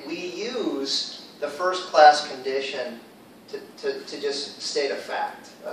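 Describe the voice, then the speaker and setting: A man's voice: on the high side, fairly bright tone, slight background noise. A man teaching an English class in a casual, upbeat way, quizzing his students. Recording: echoey room, far from mic.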